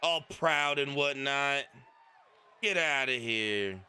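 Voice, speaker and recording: A man's voice: medium pitch, takes it slowly, bright, forceful tone, smooth, some chatter behind. A man doing wrestling commentary, trash-talking and mocking a wrestler. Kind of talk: heel-leaning play-by-play banter.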